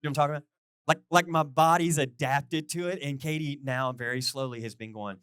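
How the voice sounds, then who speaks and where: A middle-aged male pastor preaches in a loose, chatty way, often turning to his listeners with questions. His voice sits a little high for a man and swings widely in pitch. The sound is dry and close, with little room echo. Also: fast talker, clear, resonant tone. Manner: animated, chatty, asks the crowd questions. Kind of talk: conversational sermon.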